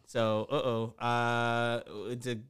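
Slow-talking, animated man ranting. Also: mid-range voice, a little hiss or hum. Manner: animated, swings from mumbling to shouting. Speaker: podcast co-host. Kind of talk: casual profane rant.

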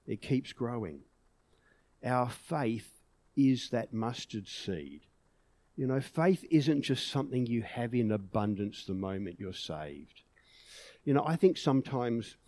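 Earnest male preacher, mellow tone. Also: mid-range voice, expressive, takes it slowly, no room sound. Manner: earnest, rising to emphatic peaks on key words. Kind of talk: sermon.

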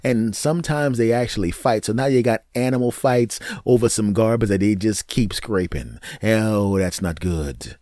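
A man hosting his own podcast, telling a comic story in an animated, jokey monologue. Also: normal speed, few pauses, no echo, studio quality. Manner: animated, jokey, wide swings in pitch. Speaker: podcast host.

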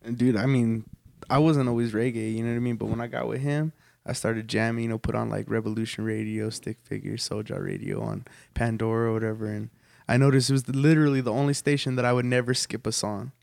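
A man's voice: medium pitch, fairly even intonation, fast, gravelly, a little mellow, no echo, studio quality. A man from a reggae band talking as a podcast guest, slangy and casual. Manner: slangy, uses "dude" and "you know". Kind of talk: casual chat.

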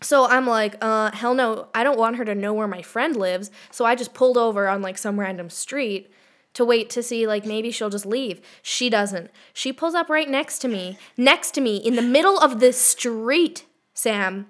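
A young woman co-hosting a podcast, telling a story in a casual, animated way, swearing and laughing often. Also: a little high, moderate pace. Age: young adult. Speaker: podcast co-host.

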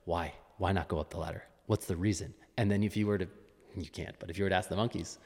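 A man's voice: low voice, steady tone, fast, vocal fry, darkish tone, big-room sound. A man who is a fitness coach, chatting as a podcast guest in a musing, restarting way. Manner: musing, with frequent restarts and laughs. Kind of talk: casual interview chat.

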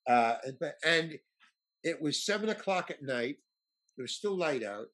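Husky guy spinning a story, voice jumping all over, kinda high. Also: a little slow. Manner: animated, acts out quoted voices. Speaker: storyteller guest. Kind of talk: casual anecdote.

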